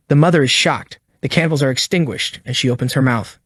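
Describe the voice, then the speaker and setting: A man narrating a comic story recap in a brisk, plain storytelling manner. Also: medium pitch, a bit bright, no echo, clean studio sound.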